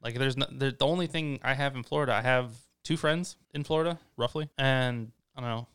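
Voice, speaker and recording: Chill podcast dude, gravelly but clear, talks things through. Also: male voice, medium pitch, brisk, a bit bright. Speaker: podcast co-host. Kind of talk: casual chat.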